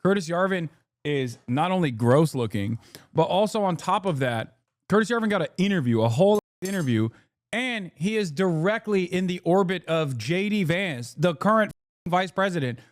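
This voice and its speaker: A man hosting a live stream, pitched a little high for a guy, talking back to his chat with sarcasm and plenty of profanity. He swings from heated rebuttals to joking asides in a casual reaction style. The sound is close and dry, with almost no room echo. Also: expressive, normal speed. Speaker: livestream host.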